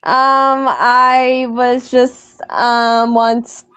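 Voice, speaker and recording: A woman calling in to a livestream panel, speaking in a hesitant, halting way with many restarts, over dull lo-fi call audio. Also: a little high, flat delivery, fairly bright tone, smooth, dry recording. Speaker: caller joining a livestream panel. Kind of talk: casual chat.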